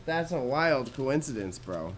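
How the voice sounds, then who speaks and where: A young Canadian man livestreams, chatting casually while sorting jewelry. His mid-range voice is animated and unhurried, slangy and laid-back, and the audio is poor with a faint room hum behind.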